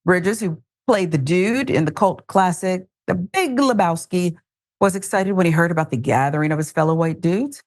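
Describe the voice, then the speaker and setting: A woman's voice: fairly low pitch, moderate pace, a little mellow. A woman hosting a news commentary show, reading headlines casually with wry, joking asides.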